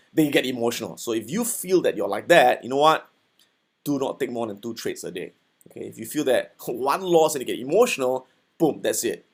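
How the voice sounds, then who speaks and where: A man teaching trading in a casual recorded lesson, talking conversationally and often checking in with his listeners. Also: medium pitch. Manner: conversational, checks in with "okay" and "right". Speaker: forex trading instructor.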